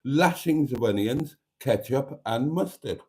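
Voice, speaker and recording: A man's voice: mid-range voice, animated, a little slow, a little mellow, breathy edge. A man hosting a casual live stream, reading out viewer comments in a chatty, wry and self-mocking way.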